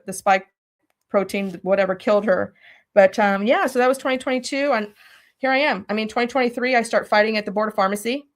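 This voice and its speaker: Brief: middle-aged woman, interview guest, urgent and emphatic storyteller, voice sitting a little high. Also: fairly bright tone. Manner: urgent and emphatic, acts out her own past words in quotes. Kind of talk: emotional personal storytelling.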